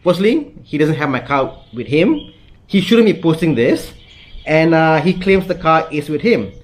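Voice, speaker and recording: A fairly high-pitched man vents to his viewers as a car vlogger, angry and repeating himself. He stumbles through "uh" and "um" while walking through what he is showing. He is from Malaysia. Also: big pitch swings, unhurried. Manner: agitated, repetitive, lots of fillers. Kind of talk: angry direct-to-camera vlog.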